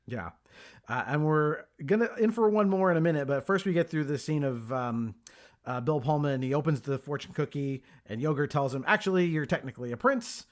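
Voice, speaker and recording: A man's voice: fairly high pitch, normal speed, a little mellow. A man in his thirties hosting a podcast, recapping a film in a casual chat with plenty of filler words. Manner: chatty, lots of ums and uhs. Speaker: podcast host.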